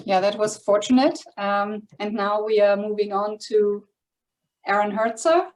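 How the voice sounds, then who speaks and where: A woman moderating an online session, handing over to speakers in a brisk, friendly way. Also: mid-range voice.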